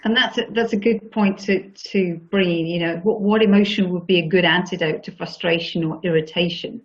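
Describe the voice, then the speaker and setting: A woman's voice: fairly low pitch, fairly even intonation, a little fast. Woman hosting a webinar over a lo-fi line. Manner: brief interjections and questions. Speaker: webinar host. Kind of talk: moderating questions.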